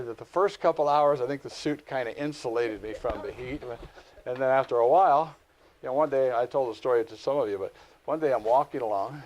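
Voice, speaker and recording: A middle-aged man teaching a live real estate class, lecturing with folksy stories and animated asides. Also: medium pitch.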